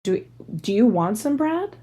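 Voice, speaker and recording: A woman's voice: fairly high pitch, sing-song, measured pace, mellow, breathy edge. A woman in her thirties hosting a solo podcast, rambling casually through tangents with lots of "like" fillers. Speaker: podcast host.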